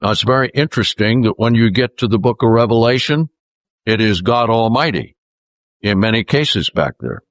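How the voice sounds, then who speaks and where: A man's voice: medium pitch, animated, a bit bright, no room sound. Dry-voiced male preacher teaching from scripture. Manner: reads scripture aloud, slows down to stress key words. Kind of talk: Bible teaching sermon.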